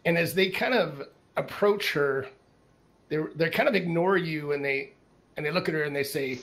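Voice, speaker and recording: A man's voice: a little high, moderate pace, a bit bright. A man running a tabletop game as game master, narrating casually with many restarts.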